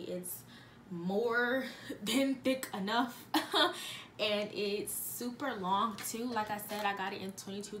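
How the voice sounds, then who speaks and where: A woman's voice: mid-range voice, noisy background. A young woman chatting casually to her viewers in a beauty vlog, upbeat and talkative. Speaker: beauty vlogger. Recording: echoey room.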